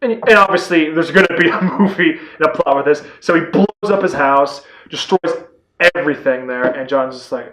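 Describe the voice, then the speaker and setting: A man talks through a movie's plot in a loose, excitable ramble, leaning on "like" and dropping the odd curse. His voice sits a touch high. It bounces around an echoey room. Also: moderate pace. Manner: rambling and excitable, heavy on "like", casual swearing. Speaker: movie reviewer. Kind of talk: casual spoiler-filled movie review.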